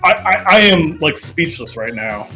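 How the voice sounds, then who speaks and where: A man's voice: a little high, sing-song, unhurried, sharp tone, soft background music, poor audio. A man in a casual livestream chat who tells a story hesitantly, with many fillers.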